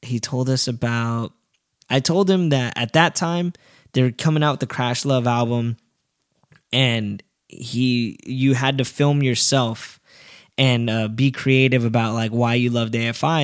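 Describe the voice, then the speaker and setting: Male podcast co-host, animated storyteller, mid pitch, dry sound. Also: normal speed, no room sound. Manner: animated storyteller, acts out quotes in a high quivering voice. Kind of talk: casual chat.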